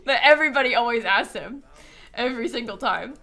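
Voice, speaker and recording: A woman's voice: high voice, a little fast, fairly bright tone, soft background music. A woman chatting casually on a live stream while she plays a life-sim game, giggling often and answering questions from chat.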